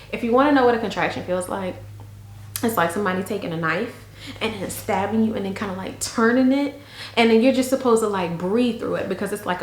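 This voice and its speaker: A young woman telling a story to camera in a chatty, frank, animated way. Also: on the high side, echoey room. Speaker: vlogger.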